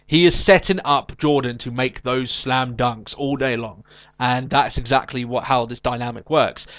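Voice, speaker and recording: Man, podcast co-host, casual chat, lots of ums, middle pitch, dull lo-fi sound. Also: fairly even intonation, moderate pace, a bit bright. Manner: chatty, recaps with many ums and restarts.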